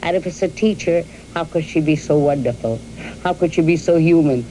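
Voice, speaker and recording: An older woman from New York telling the story of her youth and marriage to her husband, in a halting storytelling way with repeated words and fillers. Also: deep voice, warm tone, a little hiss or hum, low-quality recording. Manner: addresses her husband directly. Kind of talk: reminiscing in an archival interview.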